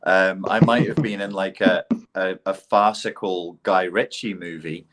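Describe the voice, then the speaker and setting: A middle-aged man with a posh English accent appears as a podcast guest, telling blunt, profane stories in an animated way during casual conversation. His voice sits low and he speaks at a measured pace.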